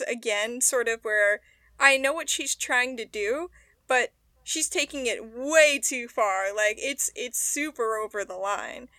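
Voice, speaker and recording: A woman's voice: high voice, no room sound. A young woman co-hosting a podcast, chatting casually and laughing easily as she recaps a TV episode. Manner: chatty, animated, quick to laugh. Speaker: podcast co-host.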